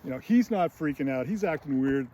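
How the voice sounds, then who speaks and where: A chatty man walks through a film's scenes and pokes at its dialogue, sliding into quick put-on voices for the characters. His voice sits a touch high. A faint hiss runs underneath. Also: animated, warm tone. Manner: chatty, recounts scenes with brief put-on voices, frequent fillers. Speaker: screenwriting channel host. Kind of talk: casual film critique.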